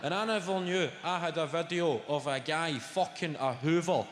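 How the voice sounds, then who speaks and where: A man with a Scottish accent doing a sweary, animated stand-up routine full of mock voices. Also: a little high, normal speed. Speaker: stand-up comedian. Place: comedy venue with live audience. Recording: roomy live venue with loud audience noise.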